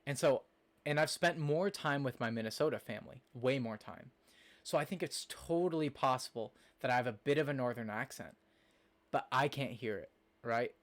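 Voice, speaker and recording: A young man talks to his stream chat in a loose, rambling way. He fills his sentences with "like" and "um" and answers viewers as he goes. His voice sits at an ordinary middle pitch. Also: normal speed. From Nebraska, USA. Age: young adult. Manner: rambling, chatty, lots of fillers, reacts to chat. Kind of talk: casual live-stream chat.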